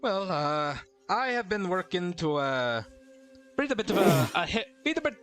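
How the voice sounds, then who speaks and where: A man's voice: high-pitched, sing-song, moderate pace, fairly bright tone, soft background music, voice pushed up. A man voicing a short, whimsical male tavern keeper who hesitates constantly and calls people "lad", in a failed attempt at an Irish accent.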